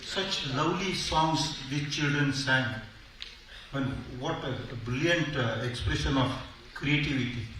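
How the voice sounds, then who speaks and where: A man's voice: medium pitch, measured pace, bright, forceful tone. A man giving a convention speech, discursive and full of hesitant fillers, with wry humor. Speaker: convention speaker. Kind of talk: public speech. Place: large convention hall. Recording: echoey hall, far from mic, faint noise.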